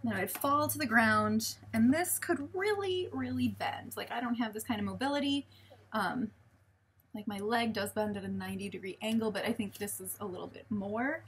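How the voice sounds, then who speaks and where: A woman's voice: medium pitch, a little fast, fairly bright tone, breathy edge. A woman, chatting casually in a show-and-tell vlog, rambling with many ums and self-corrections. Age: late 20s. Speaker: vlogger.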